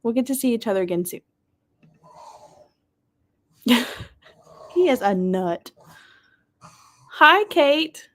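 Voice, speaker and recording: A woman hosting a live reading stream, chatting casually, reading viewers' messages aloud, often laughing and sometimes dropping to a soft whisper. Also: mid-range voice. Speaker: livestream host of reading sprints.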